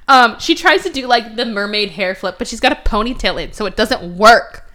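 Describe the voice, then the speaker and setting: Young woman, podcast host, casual chat, sarcastic, mocking character voices, bright tone. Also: a little high, brisk.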